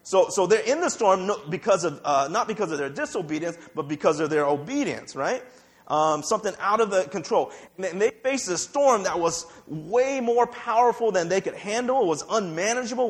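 High-voiced man preaching, "right?" often. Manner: conversational preaching, repeats words, asks "right?" often. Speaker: pastor. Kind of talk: sermon.

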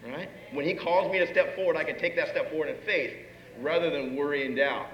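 A man's voice: on the high side, quick pace. A man preaching a sermon in a conversational way, often asking the listeners questions and acting out the people in his story. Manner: conversational, with rhetorical questions and acted-out asides. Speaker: pastor. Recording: echoey hall, dull sound, faint room noise.

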